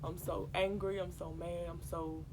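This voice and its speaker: A woman's voice: fairly low pitch, level tone, normal speed. Worked-up young woman vlogging on a noisy ship. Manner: chatty and worked-up, addresses viewers as y'all. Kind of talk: casual direct-to-camera vlog. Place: cruise ship at sea.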